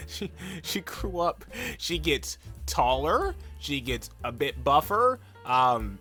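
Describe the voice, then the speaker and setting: Bright-voiced young man rambling a recap. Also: medium pitch, very animated, faint music behind. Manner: rambling, filler-heavy retelling, full of "like" and "um"; acts out characters' lines in quick put-on voices. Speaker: anime reaction vlogger. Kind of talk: casual episode recap and reaction.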